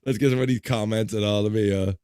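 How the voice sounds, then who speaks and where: A man's voice: fairly low pitch, steady tone, quick pace, a little mellow, smooth, no echo, clean studio sound. A man hosting a casual livestream, joking, laughing often and reading chat comments aloud. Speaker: livestream host.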